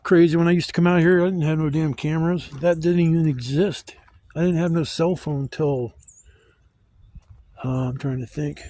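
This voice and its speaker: A middle-aged man vlogging casually while driving, excitable and swearing freely. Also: moderate pace. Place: inside a car on the road. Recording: car road noise throughout. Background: car engine rumble.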